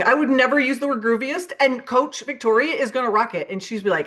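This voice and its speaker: This woman's sales-training keynote, given over video call, is animated and motivational, with sample invitation messages to prospects acted out. She speaks at a fairly high pitch, fairly quickly, with few pauses.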